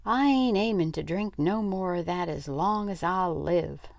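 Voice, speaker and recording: Woman doing a gruff Texas cowboy. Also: on the low side, unhurried, no echo. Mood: angry. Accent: Texas (as put on). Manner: shouting, drawling, rough grammar. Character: tiny drunk cowboy, gruff, bitter, self-pitying.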